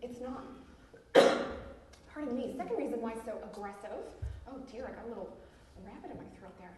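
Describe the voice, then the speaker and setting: An actress playing a brash, pushy self-help author on a theatre stage, talking with giggly, nervous laughs. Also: female voice, high-pitched, a little hiss or hum. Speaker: self-help author giving a book talk. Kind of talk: live stage theatre monologue. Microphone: far room mic in the audience. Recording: echoey, distant theatre hall recording.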